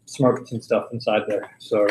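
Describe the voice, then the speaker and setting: A man's voice: on the low side, flat delivery, a little slow, a little mellow. A man chatting and joking casually with others at a user group meeting. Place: meeting room. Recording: roomy meeting room, faint noise.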